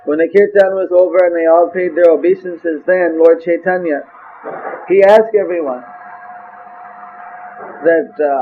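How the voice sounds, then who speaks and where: A man's voice: on the high side, measured pace, pauses often, phone-quality sound, a little hiss or hum. A man giving a scripture lecture, telling stories and often saying "you see". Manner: storytelling with acted quotes, frequent "you see". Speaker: spiritual teacher.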